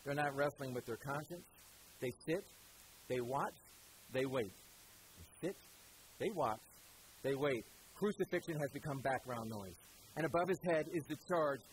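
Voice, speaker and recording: A man preaching a sermon, pausing for effect and repeating phrases for emphasis. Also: medium pitch, a little hiss or hum, rough recording.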